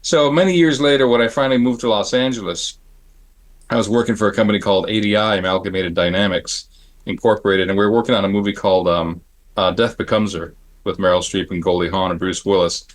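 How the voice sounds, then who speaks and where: A middle-aged man from Phoenix, Arizona, with a slightly low voice, telling stories from his career to a panel. He brings the people in his tales to life, mimicking how they talked. His delivery is loose and full of restarts, with frequent throat clearing. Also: quick pace. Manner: animated, acts out the people in his anecdotes. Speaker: panel guest, makeup effects artist. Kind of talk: storytelling on a panel.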